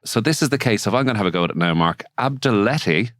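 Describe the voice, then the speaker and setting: Deep-voiced Irish man hosting a podcast. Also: animated, fast, fairly bright tone, no room sound, clean studio sound. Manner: chatty, wry, with ums and asides. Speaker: podcast host, barrister and mediator. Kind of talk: casual legal podcast chat. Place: studio.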